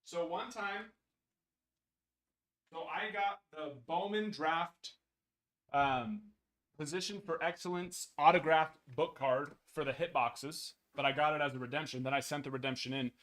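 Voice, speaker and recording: A man's voice: a little high, unhurried, fairly bright tone. A man hosting a card break stream, rambling casually with jokey mock outrage. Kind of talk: casual live-stream chat.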